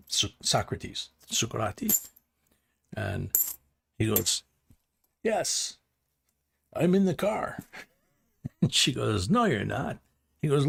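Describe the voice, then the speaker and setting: A man's voice: lowish voice, gravelly, a bit bright, slight background noise. An older man hosting a live stream, telling a rambling story in a casual way, chuckling and restarting his sentences. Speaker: host.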